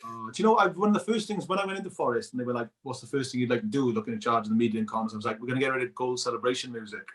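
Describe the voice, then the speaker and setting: A man's voice: medium pitch, racing, fairly bright tone, recorded from a distance. A middle-aged Welsh man chatting as an interview guest, laughing often and asking "do you know what I mean". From Wales. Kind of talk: casual chat.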